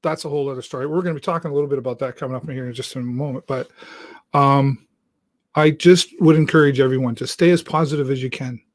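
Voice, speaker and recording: A male talk show host speaking earnestly and haltingly to his viewers, often restarting his sentences, from inside a church. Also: medium pitch, fairly even intonation, no room sound, studio quality. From Canada. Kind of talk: heartfelt monologue to viewers.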